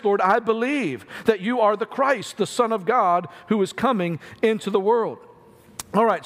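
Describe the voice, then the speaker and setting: High-voiced man preaching in a reverberant hall. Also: a bit bright. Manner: conversational, acts out voices in retelling. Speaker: pastor. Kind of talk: Easter sermon.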